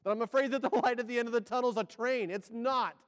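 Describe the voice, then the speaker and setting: A man preaching a sermon, firing rhetorical questions and swinging between loud and hushed delivery. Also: extremely high pitch, fast talker, big-room sound.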